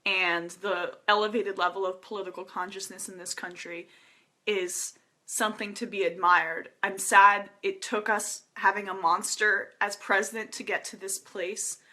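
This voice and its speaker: A woman's voice: medium pitch, flat delivery, moderate pace, sharp tone. A young woman hosting a casual political live stream, talking earnestly and emotionally with many fillers and nervous laughs. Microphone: webcam or phone.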